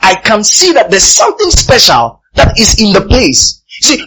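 A man's voice: high voice, huge pitch swings, moderate pace, bright, forceful tone, breathy edge, low-quality recording. A man preaching a sermon, emphatic and repeating his phrases for effect.

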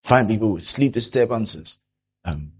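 A pastor preaching a sermon, animated, who often acts out the people he quotes. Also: lowish voice, a little slow, breathy edge, highs cut off.

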